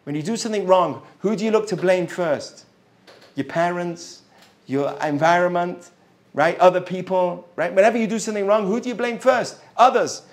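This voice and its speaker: A man's voice: sits high, normal speed. A man teaching a Torah lesson, telling a Talmud story with rhetorical questions to his listeners and explaining Hebrew terms as he goes. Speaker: religious teacher.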